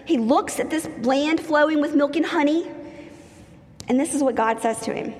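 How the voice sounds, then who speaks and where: High-voiced woman preaching in an echoey hall. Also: moderate pace. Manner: lively, humorous storytelling with acted-out quotes. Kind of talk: sermon. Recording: long hall reverb.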